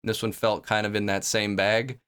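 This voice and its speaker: A man's voice: fairly low pitch, a little fast, clean tone. A man hosting a reaction video, chatting casually and laughing often as he comments. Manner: laughs often, jokey and relaxed.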